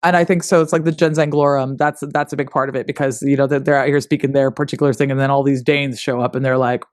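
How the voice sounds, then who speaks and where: A man co-hosting a casual history chat, animated and joking, often swearing and acting out little voices. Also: mid-range voice, fast, no room sound, studio quality. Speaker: podcast co-host. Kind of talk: casual conversational discussion. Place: lives in the UK.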